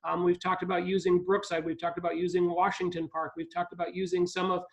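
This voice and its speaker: A man's voice: sits high, completely flat delivery, quick pace, gravelly, muffled recording. A man from Ohio speaking as a guest on a live video call, with frequent ums and restarts. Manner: hesitant, many ums and restarts. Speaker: park district CEO, guest speaker.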